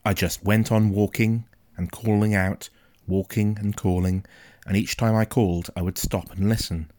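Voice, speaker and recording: A man reads a first-person storybook aloud in a quiet, measured, suspenseful manner. His voice is very low. The recording is close and dry, with no room sound. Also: steady tone, dry recording. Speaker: audiobook narrator.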